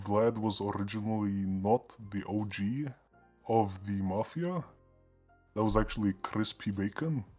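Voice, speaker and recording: A man's voice: fairly low pitch, a little mellow. A man guest on an online call, telling the story unhurriedly with plenty of filler words. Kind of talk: casual interview chat.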